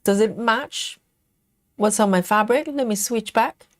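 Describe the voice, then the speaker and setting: Woman host reading out viewer comments in an unhurried, um-filled chat; dry, close recording. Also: medium pitch, no room sound. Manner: unhurried, thinking aloud with many ums. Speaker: cross-stitch livestream host.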